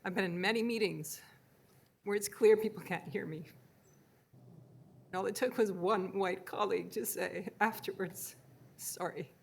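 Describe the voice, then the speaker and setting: A woman panelist giving earnest, measured remarks in a discussion. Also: mid-range voice, gravelly, slightly rough.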